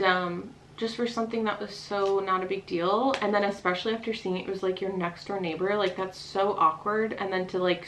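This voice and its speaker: A woman vlogger telling a personal story in a casual, rapid style, full of "like" fillers. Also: medium pitch, a bit bright, slight background noise, low-quality recording.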